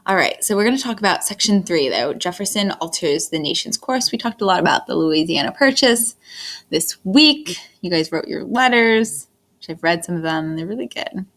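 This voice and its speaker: A woman teaching a history lesson in a recorded lecture, talking in an unhurried, fairly monotone way with frequent fillers and restarts. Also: fairly low pitch. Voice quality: monotone delivery. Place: indoors, screen-recorded lecture.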